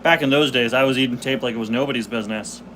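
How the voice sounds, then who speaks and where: A man's voice: medium pitch, racing, fairly bright tone, a little hiss or hum. A man in his twenties hosting a casual live stream, chatting, laughing and reading the chat aloud while chewing candy. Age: 20s. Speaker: host.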